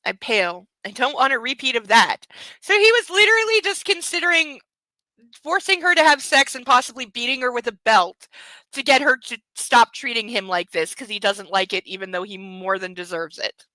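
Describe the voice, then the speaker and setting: Woman, book club host, reads aloud, sarcastic asides, laughs often, bright tense voice, dry close sound. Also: fairly high pitch, normal speed, no echo, rough recording. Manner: mocking asides between read passages. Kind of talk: reading aloud with sarcastic commentary.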